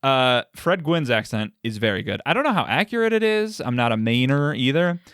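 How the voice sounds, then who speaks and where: A man's voice: mid-range voice, very animated, fairly quick, a bit bright, smooth, no echo, clean studio sound. Joking man co-hosting a film podcast. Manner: joking, opinionated, talks over his co-host. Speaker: podcast co-host. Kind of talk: casual chat about a film.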